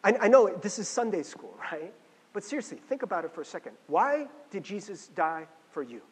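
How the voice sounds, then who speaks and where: A man preaching a sermon as a pastor, talking in a casual, animated way with frequent restarts and fillers. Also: sits high, brisk, breathy edge, big-room sound.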